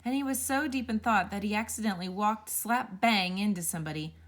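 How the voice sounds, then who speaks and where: A woman reading a children's picture book aloud, telling it with playful, expressive storytelling. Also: mid-range voice, brisk. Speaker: storybook reader.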